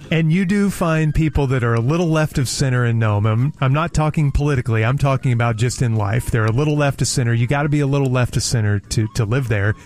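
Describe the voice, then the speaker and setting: A man's voice: mid-range voice, fairly quick, a little mellow. A man on a talk show telling a travel anecdote in a casual, chatty way, repeating words and mimicking the people he quotes.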